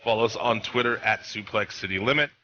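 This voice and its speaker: A podcast host with a bright, forceful male voice, announcing with upbeat energy. The sound is somewhat dull and lo-fi, with a faint hiss behind it. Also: on the low side, brisk. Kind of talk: podcast intro.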